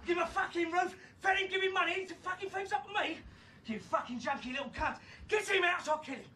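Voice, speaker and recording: A man's voice: extremely high pitch, fast. Ray, a raging violent man. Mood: furious. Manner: shouting, swearing, threatening. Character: violent volatile man, drunk with rage. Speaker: film character. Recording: distant film audio, faint noise.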